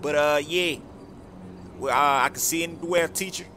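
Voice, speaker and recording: A man voicing a menacing young male rapper in a game role-play, swearing and threatening in slow street talk. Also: on the high side, steady tone, sharp tone, a little hiss or hum.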